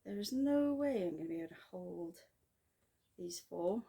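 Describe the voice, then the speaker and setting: A woman chatting casually in a craft vlog, rambling and self-deprecating with quick asides. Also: lowish voice, animated, vocal fry, warm tone, breathy edge. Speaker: flosstube vlogger. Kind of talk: casual chat.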